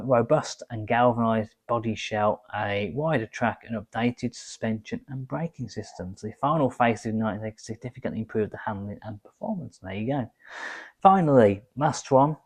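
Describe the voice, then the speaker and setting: A man talking through his own car vlog in a relaxed, chatty way. He reads out quiz questions and answers, then breaks off to add his own casual asides. His pitch sits in an ordinary middle range. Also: normal speed. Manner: chatty, adds asides while reading. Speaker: car vlogger.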